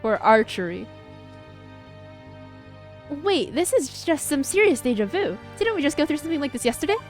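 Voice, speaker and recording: A young woman streaming a game, making sarcastic, quick, casual asides. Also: high-pitched, sing-song, soft background music.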